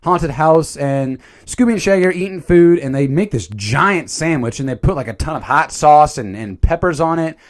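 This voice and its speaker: A man's voice: on the high side, moderate pace, hardly any pauses. A man reviewing a movie in a casual, jokey commentary. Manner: animated, jokey, slips into silly voices.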